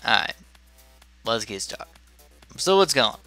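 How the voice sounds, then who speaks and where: Sleepy, rambling young man with bright voice. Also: medium pitch, very animated, measured pace, soft background music. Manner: rambling, chatty, drifts off topic. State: sleepy, yawning. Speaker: gameplay commentator. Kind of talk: casual gameplay commentary.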